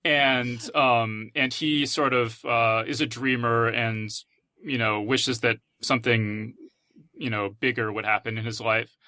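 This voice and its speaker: A male podcast host in casual chat, summing up a plot at length in a relaxed, easy way. His voice is bright and forward, and the sound is close and dry. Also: mid-range voice, unhurried, dry recording.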